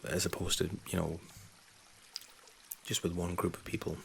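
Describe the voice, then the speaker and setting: A man in his thirties, born in England and raised in Scotland, hosting a soft-spoken ASMR Q&A from a home setup on a condenser mic. He talks in a soft, low-key way and often drops into whispers. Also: little pitch movement, normal speed, vocal fry, a little hiss or hum. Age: 30s. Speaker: ASMR channel host. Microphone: USB condenser mic.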